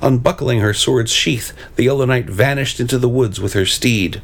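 A man reading a storybook aloud, pausing to describe its pictures with hesitant asides between the expressive narration. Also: medium pitch.

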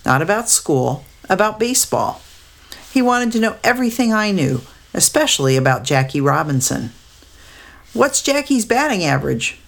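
A woman narrating a storybook aloud in a steady, descriptive way. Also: on the low side, moderate pace.

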